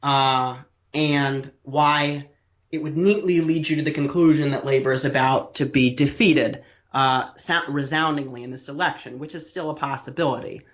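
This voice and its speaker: A man's voice: mid-range voice, steady tone, normal speed, reverberant, muffled recording. A man co-hosting a podcast, explaining political history in detail with a lecturing, casual manner and frequent restarts.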